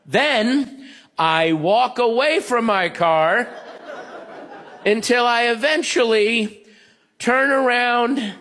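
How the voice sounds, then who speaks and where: A male stand-up comedian with wry, deadpan observational jokes. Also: very high voice, extremely slow, pauses often.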